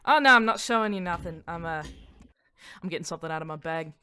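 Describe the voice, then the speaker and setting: A woman's voice: fairly low pitch, lively intonation, fast, sharp tone, clear, resonant tone. A woman voicing a brash, foul-mouthed woman pirate captain with a put-on Australian accent, crude and offhand.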